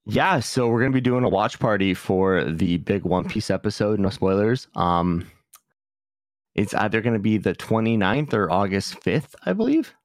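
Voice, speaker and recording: A man's voice: on the low side, moderate pace, no room sound, studio quality. A man co-hosting an anime podcast in casual, joking chat, wrapping up the show. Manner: relaxed, joking, wraps up the show. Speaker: podcast co-host.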